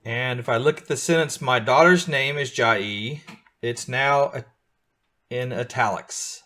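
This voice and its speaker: A middle-aged coding teacher leads a live lesson for beginners, patiently walking through each step and frequently checking that his students are following. His voice is medium in pitch, measured in pace, and sounds pushed and bright.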